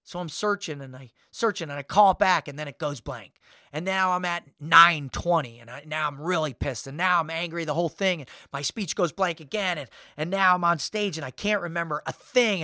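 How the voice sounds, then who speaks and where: A man, a motivational speaker, telling a personal story in a casual, animated way and acting out quoted lines. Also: on the high side, no room sound, clean studio sound. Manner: animated, acts out his own inner voice and quotes. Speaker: podcast guest, motivational speaker.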